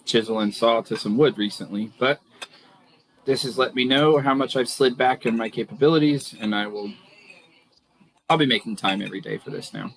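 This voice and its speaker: A man's voice: medium pitch, normal speed, poor audio. A man playing in a tabletop game, joking and playful. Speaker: player. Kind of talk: casual tabletop play.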